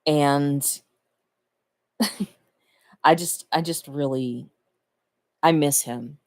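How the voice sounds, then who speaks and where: A woman's voice: sits low, extremely slow. A woman talking casually to the camera, reflecting fondly and laughing between her thoughts. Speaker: vlogger.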